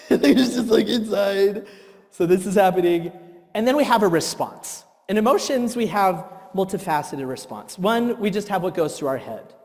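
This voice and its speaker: Animated man presenting in a reverberant hall. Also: high voice. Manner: animated storytelling, acts out his own outbursts. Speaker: workshop presenter. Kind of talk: live workshop talk. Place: church hall.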